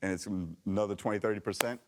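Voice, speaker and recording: A man's voice: fairly low pitch, fairly even intonation, racing, background noise. A man on a comedy news panel, talking casually with wry, offhand jokes.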